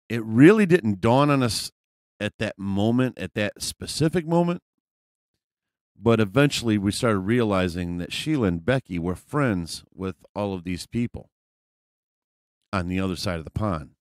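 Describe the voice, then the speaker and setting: A man's voice: lowish voice, expressive, a little slow, a little mellow, no echo, studio quality. A man vlogger telling a personal story in a casual, rambling way, full of fillers and profanity.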